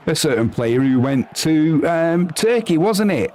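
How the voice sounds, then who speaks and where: A man doing chatty live football commentary, reading out viewer messages and yelping with excitement at goals. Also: unhurried, slight background noise. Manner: chatty and excitable, bursting into high yelps at goals.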